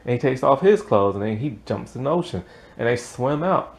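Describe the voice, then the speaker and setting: A man's voice: mid-range voice, expressive, fairly quick, creaky. A man giving a casual, rambling recap of a TV episode, peppered with "like" and laughing at the plot. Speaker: TV show reviewer.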